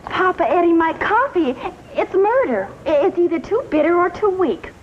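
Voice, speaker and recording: An actress playing a flustered housewife in a vintage coffee commercial. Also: female voice, extremely high pitch, sing-song, normal speed. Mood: fretful. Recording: dull lo-fi old ad audio with faint hiss.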